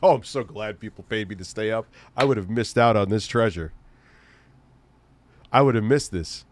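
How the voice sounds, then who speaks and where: A man's voice: fairly low pitch, normal speed, a little hiss or hum. A man hosting a casual livestream, reading chat and ranting sarcastically with lots of swearing. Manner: profane, sarcastic ranting with frequent laughs. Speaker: streamer host.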